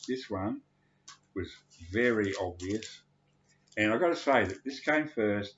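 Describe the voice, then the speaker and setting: A man's voice: on the low side, animated, measured pace, fairly bright tone, dull audio, a little hiss or hum. A tipsy man, rambling crudely and cursing in a casual monologue.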